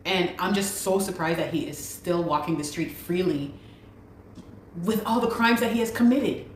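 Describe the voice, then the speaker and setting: A woman's voice: on the low side, moderate pace. A woman giving an earnest, urgent personal account and often repeating her pleas. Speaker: guest telling her story. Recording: roomy recording with faint background noise.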